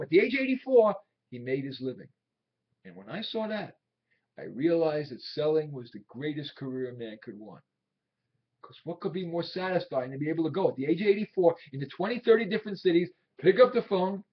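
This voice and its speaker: A husky, worn-out aging salesman in a film drama, proud and desperate. His voice sits a little high and slightly breathy. The sound is dull, like an old film soundtrack. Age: 60s. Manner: pleading, swinging between quiet reminiscing and shouting.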